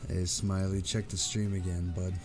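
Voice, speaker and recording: A hoarse man, hosting a casual live stream and greeting chatters by name in a laid-back way. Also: low voice, level tone, normal speed, music in the background. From Texas. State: hoarse, voice going out.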